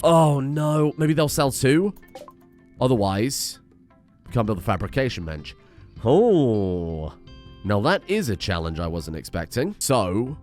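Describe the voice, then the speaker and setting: A young man chats his way through a game session in an animated, swearing, self-mocking way. His pitch swings widely between mutters and sudden yelps, and faint music plays underneath. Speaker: gaming YouTuber. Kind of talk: casual let's-play commentary.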